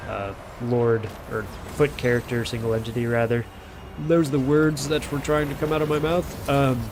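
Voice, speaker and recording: A man giving casual, rambling live commentary on a strategy video game, with lots of fillers and self-corrections. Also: medium pitch. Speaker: game caster. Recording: audible background noise.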